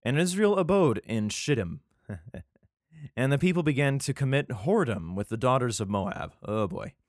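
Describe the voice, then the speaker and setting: A man's voice: mid-range voice, expressive, moderate pace, no echo, studio quality. A male podcast host reads scripture aloud. He stumbles over words and breaks off for profane, irreverent asides. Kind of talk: casual scripture reading with commentary.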